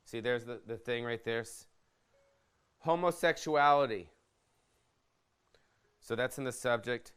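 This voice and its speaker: A man's voice: medium pitch, monotone, brisk, few pauses, a bit bright, clean tone. A man in his fifties hosting a podcast, talking in a loose, profane, jokey rant and tossing questions to his producer. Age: 50s. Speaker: podcast host. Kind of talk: casual rambling rant.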